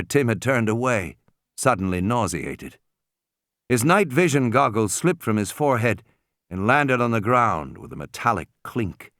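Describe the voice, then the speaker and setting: A man narrating an audiobook with energy, his pitch swinging freely through the story. The sound is close and dry, with no room around it. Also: a bit bright, no room sound.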